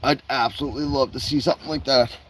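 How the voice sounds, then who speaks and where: A man's voice: medium pitch, steady tone, fast, a little hiss or hum, poor audio. Rambling, profane man streaming outdoors. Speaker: livestreamer. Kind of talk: casual live-stream chat. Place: outdoors in his backyard.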